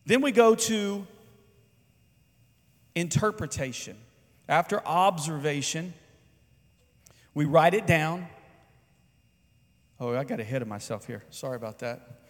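A man's voice: fairly high pitch, lively intonation, unhurried, pauses often. A man, a pastor, preaching a conversational sermon and calling on the congregation to respond. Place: church sanctuary. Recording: long reverb in a large hall.

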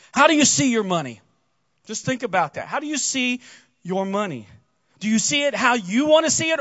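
A man's voice: sits high, a bit bright, no echo, muffled recording. A man preaching a sermon as pastor, talking earnestly and conversationally, speaking straight to the congregation.

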